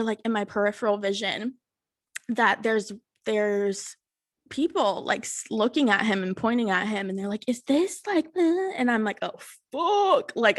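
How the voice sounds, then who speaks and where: A woman's voice: mid-range voice, fairly bright tone, no room sound, clean studio sound. A woman in her twenties hosting a podcast, telling a dating story in casual, blunt talk full of swearing and exasperation. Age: 20s. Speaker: podcast host.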